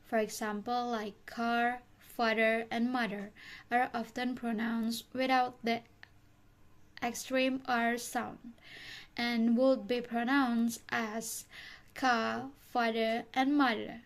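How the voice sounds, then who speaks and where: A young adult woman student reading a class presentation slowly and carefully from a script. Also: a little high. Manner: slow, careful reading with a flat delivery.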